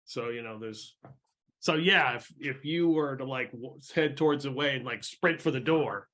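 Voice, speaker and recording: Easygoing male game master, casual delivery, middle pitch. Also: normal speed, fairly bright tone. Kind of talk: narrating a tabletop game.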